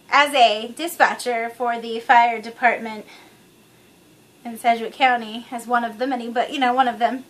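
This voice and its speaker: A woman's voice: fairly high pitch, pushed and bright. A woman vlogging to camera, chatty, rambling and frankly profane. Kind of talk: casual chat to camera.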